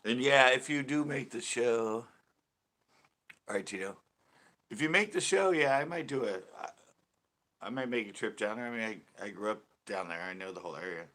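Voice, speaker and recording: A man's voice: mid-range voice, normal speed, pauses often, sharp tone. A man hosting a casual fishing live stream, joking and rambling as he chats with viewers. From California. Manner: joking, rambling, laughs a lot. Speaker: fishing channel host.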